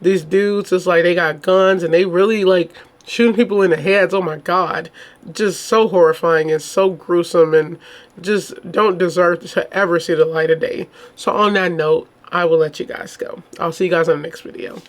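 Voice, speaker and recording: This woman runs a true crime channel, speaking at normal speed in a lowish, steady voice. She reads a case report, then reacts with chatty, indignant rhetorical questions, calling her audience "y'all."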